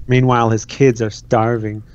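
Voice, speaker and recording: A man's voice: mid-range voice, level tone, moderate pace, clean tone. A man co-hosting a casual podcast, teasing and mock-scolding in crude banter. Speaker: podcast co-host. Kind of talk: casual chat. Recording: dull lo-fi sound.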